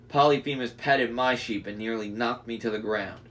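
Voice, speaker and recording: A man reads a novel aloud in a mid-range voice. He pauses for casual comments and backs up to reread lines after slips. It sounds like a relaxed read-aloud. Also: medium pitch. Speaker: reader.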